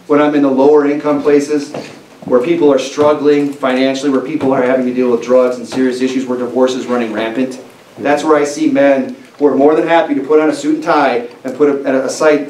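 A man's voice: medium pitch, level tone, a little fast, darkish tone. Emphatic male preacher in an echoey church. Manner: emphatic, conversational, with frequent restarts and fillers. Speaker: pastor. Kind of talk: sermon. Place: church sanctuary. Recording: echoey church room, mic at a distance, faint hiss.

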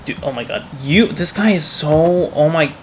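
A man giving excitable gameplay commentary, yelling in frustration and rambling. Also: fairly high pitch, normal speed, noisy background. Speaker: gaming YouTuber.

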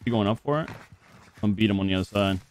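A young man streaming a shooter game, talking to himself in profane, excitable commentary. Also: fairly low pitch, quick pace, background noise. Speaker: gaming streamer. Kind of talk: live gameplay commentary. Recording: game sound mixed under voice.

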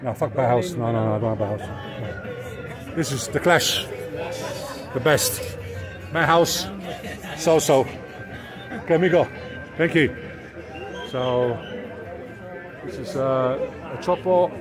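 An Englishman talks casually to a handheld camera as he strolls through an outdoor street market, pointing out stalls and chatting with sellers. His voice sits at an ordinary middle pitch, and thick crowd chatter with passing traffic fills in behind him. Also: slow pace, pauses often, music in the background. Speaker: vlogger. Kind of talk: casual walking vlog.

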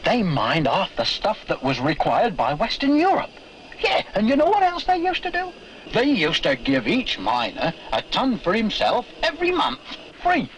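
A man's voice: sits high, background noise. An actor playing a joking old male miner who tells tall tales in colloquial slang, drawing out his punchlines. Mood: teasing. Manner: animated storyteller, drawn-out punchlines. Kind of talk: film dialogue.

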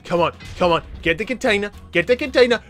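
An excitable man hosting a gaming channel and narrating his own matches. His voice sits high for a man, and it jumps into yells and laughs. Faint music plays under his commentary. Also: quick pace. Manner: excitable, yelling and laughing at the game. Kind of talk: let's play commentary.

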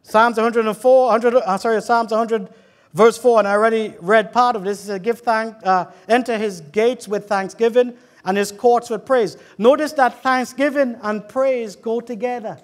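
A man with a British accent preaching a lively sermon in church, calling out to the congregation and joking with them. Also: extremely high pitch, moderate pace. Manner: fervent, calls out to the congregation and jokes. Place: church hall.

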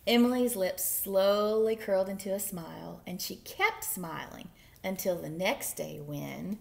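A woman librarian reading picture books aloud for story time, playful and animated with whispered asides. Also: mid-range voice, unhurried, creaky. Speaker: children's librarian.

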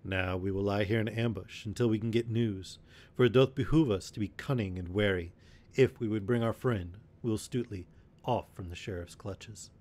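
A man's voice: on the low side, normal speed, a little mellow, natural voice. A man voicing a bold, commanding outlaw leader in a storybook reading, with rousing archaic speech. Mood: steady.

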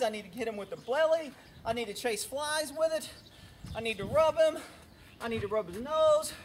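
A man's voice: very high-pitched, a bit bright, slight background noise. A man working as a horse trainer, talking bluntly and sarcastically as he demonstrates outdoors with horses. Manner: brash, sarcastic, scolding. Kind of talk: blunt instructional vlog talk.

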